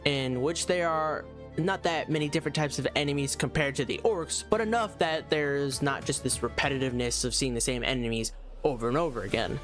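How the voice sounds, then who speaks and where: A man's voice: mid-range voice, fairly bright tone. A man giving a casual, rambling video game review, full of "like" and restarts. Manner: rambling, lots of fillers.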